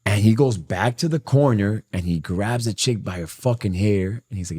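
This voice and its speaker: A man from Miami telling a profane, animated story from his past in casual conversation. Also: lowish voice, moderate pace, husky. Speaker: guest.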